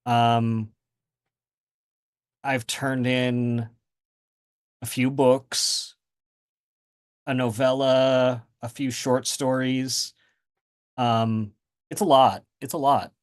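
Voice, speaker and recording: A man's voice: mid-range voice, level tone, very slow, long pauses, smooth. A man speaking as a guest author in a casual interview, rambling with many fillers and restarts.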